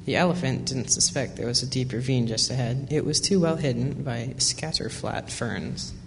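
Guy reading a kids' story out loud, echoey hall, faint noise in the back. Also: medium pitch, normal speed, creaky. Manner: steady reading with brief asides. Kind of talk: reading a children's story aloud.

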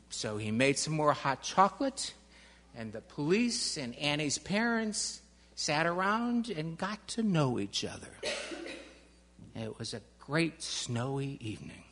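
A man telling a children's story in an unhurried, expressive way. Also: fairly high pitch. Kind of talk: storytelling to an audience. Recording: long hall reverb.

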